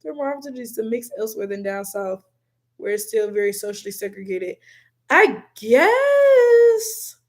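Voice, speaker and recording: A young woman from Detroit with an African American English accent, hosting a livestream and reading chat out loud in a blunt, animated, profane way. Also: medium pitch, quick pace. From Detroit, USA. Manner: animated, blunt, swears a lot, laughs often.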